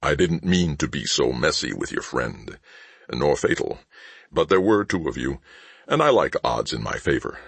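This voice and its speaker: A man voices a sardonic, menacing spacefaring shipmaster for an audiobook, fully in character, mocking dryly and threatening calmly in a conversational way. The delivery is very deep, husky, with vocal fry and lively rises and falls, moderately paced, close-miked and echo-free.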